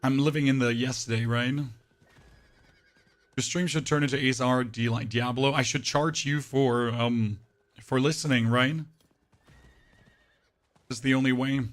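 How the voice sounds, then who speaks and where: A male game streamer chatting casually with his live chat, his voice temporarily deeper and rougher than usual, bantering and reading messages aloud with sarcastic asides. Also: steady tone, moderate pace, long pauses.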